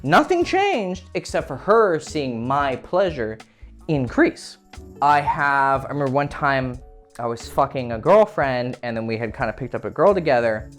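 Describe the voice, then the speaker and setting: A man's voice: medium pitch, very animated, a little slow, a bit bright, faint music behind. A man hosting a dating advice talk, speaking casually, frankly and explicitly. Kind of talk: casual monologue.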